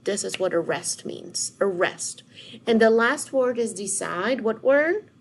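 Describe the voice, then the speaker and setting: A woman teacher giving a recorded phonics lesson, modeling words slowly with call-and-response prompts. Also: a little high, lively intonation, a little hiss or hum, poor audio.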